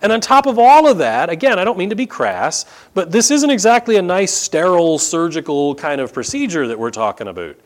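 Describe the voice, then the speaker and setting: A man's voice: high voice, sing-song, a little fast, few pauses. A male pastor preaching a sermon, emphatic and repeating key phrases for stress.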